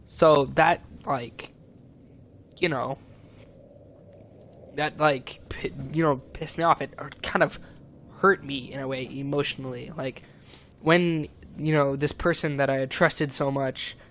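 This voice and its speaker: Young male streamer, slightly high voice, rambling upset rant full of swearing. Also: fairly even intonation, takes it slowly, pauses often, fairly bright tone. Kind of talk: casual venting monologue.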